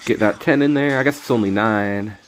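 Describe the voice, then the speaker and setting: A young man with a lowish voice streams a card game, talking briskly over faint music with a little hiss or hum on the recording. His casual gameplay commentary is laid-back and jokey, and he often mumbles his asides.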